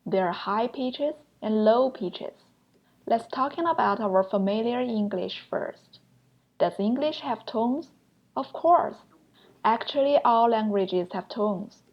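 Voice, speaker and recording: A woman's voice: fairly high pitch, slow, dull audio. A young woman teaching an online language lesson, patiently explaining points step by step and sounding out examples aloud.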